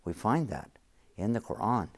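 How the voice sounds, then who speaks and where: A man's voice: fairly low pitch, big pitch swings, normal speed. A man, a sheikh who is a guest on the show, explaining his faith in an earnest, emphatic way and repeating key phrases. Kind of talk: religious teaching in an interview.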